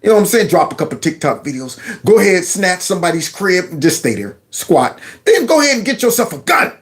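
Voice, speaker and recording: A man's voice: sits high, sing-song, quick pace. A man giving casual, mocking commentary on a video clip. He talks sarcastically and addresses his viewers as y'all.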